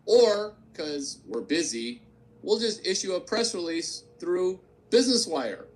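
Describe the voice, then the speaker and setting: A man's voice: sits high, sing-song, measured pace. A man hosting a provocative solo rant, brash and crude, repeating his points for effect. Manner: brash, repetitive, crude joking. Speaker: host.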